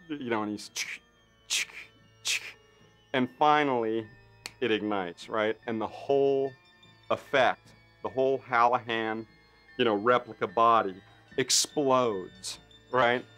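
A man's voice: medium pitch, takes it slowly, faint music behind. A man in an interview, a special effects artist telling a behind-the-scenes story with lots of fillers and acted-out voices. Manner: animated storyteller, acts out others' lines with lots of fillers. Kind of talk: anecdotal interview.

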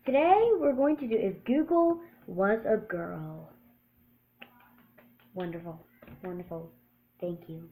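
A woman hosting a casual home vlog, excitable and lively, often dropping to quiet mutters. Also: medium pitch, takes it slowly, long pauses, a little hiss or hum. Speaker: vlog host.

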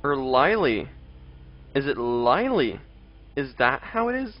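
Very animated at a moderate pace, a young man in a medium pitch streams a game live. He's chatty, reads out and answers chat, and has exasperated outbursts at enemies. Faint game music plays under the dull lo-fi stream audio.

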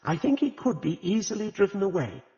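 A man voicing a calm, earnest vicar's wife. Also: high-pitched, brisk, pitched above the performer's own voice. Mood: cautioning. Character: gentle, sensible vicar's wife. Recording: reverberant, slightly dull audiobook recording.

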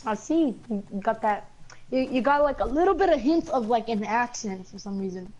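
A woman's voice: fairly high pitch, lively intonation, normal speed, a little mellow, dull audio. A woman chatting casually while gaming, laid-back and filling gaps with easy agreement. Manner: laid-back, lots of yeah fillers. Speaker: gamer.

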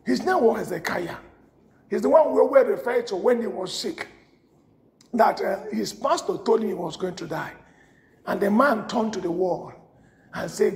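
Impassioned high-voiced male preacher. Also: animated, normal speed, gravelly, long pauses, reverberant. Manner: impassioned, swinging from shouts to low murmurs. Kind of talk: sermon.

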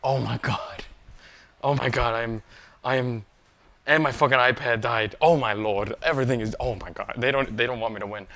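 A man streaming a pinball game, chatting casually and excitedly, often laughing in disbelief and swearing now and then. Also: mid-range voice, normal speed. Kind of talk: live-stream reaction chat.

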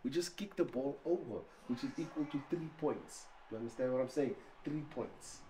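A man excitedly cheering and explaining the rules while watching a match, in an exuberant, teasing manner. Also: medium pitch, normal speed.

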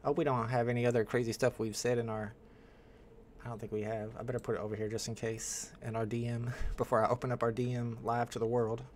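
A man's voice: medium pitch, little pitch movement, quick pace, slight background noise. A man hosting a casual livestream from home, rambling and thinking aloud as he greets people in the chat. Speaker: livestream host.

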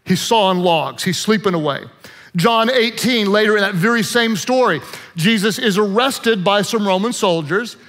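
High-voiced pastor preaching in a hall. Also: male voice, normal speed. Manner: animated storyteller, joking asides. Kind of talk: sermon.

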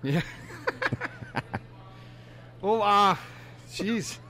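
High, bright-voiced man hosting radio. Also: lively intonation, extremely slow. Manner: laughing, flustered. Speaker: radio show host. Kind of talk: casual comedy radio banter.

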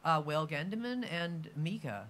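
A man chatting as a guest musician, laid-back and soft-spoken. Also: fairly high pitch, animated, unhurried. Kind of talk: casual chat. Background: guitar music.

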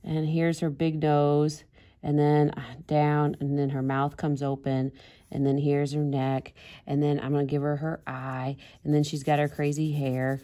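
A woman's voice: low-pitched, little pitch movement, a little slow, mellow. A woman art teacher giving a casual drawing demonstration, chatty and giggling at her own jokes.

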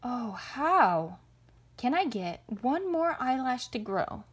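A woman's voice: fairly high pitch, monotone, takes it slowly, mellow. A woman voicing a frightened male bear who blubbers and pleads in a storybook read-aloud. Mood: fearful pleading. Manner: whimpering, pleading.

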